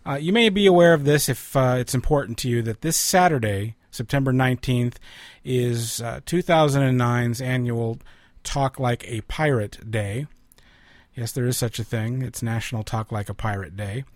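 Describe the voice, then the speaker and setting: A man hosting a radio show, introducing recordings in a relaxed, halting way with pauses and restarts. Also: medium pitch, no room sound. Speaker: radio host. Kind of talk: casual on-air chat introducing recordings.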